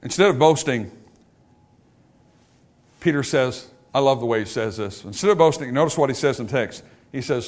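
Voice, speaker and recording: A pastor preaching a sermon in a church, swinging between emphatic high points and hushed, soft passages. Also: male voice, lively intonation, a little fast. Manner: dynamic preaching, rising to emphatic highs and dropping to hushed lows. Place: church sanctuary.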